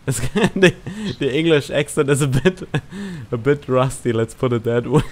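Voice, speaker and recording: A man hosting a gaming channel, chatting casually while playing with a friend, excitable and quick to shout and laugh. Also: medium pitch. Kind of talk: casual gameplay commentary with a squadmate.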